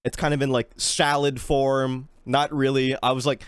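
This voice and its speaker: Streaming a guessing game, a man chats casually, swearing freely and poking fun at himself in animated, self-mocking live-stream commentary. His mid-range voice is smooth, at normal speed, with no echo.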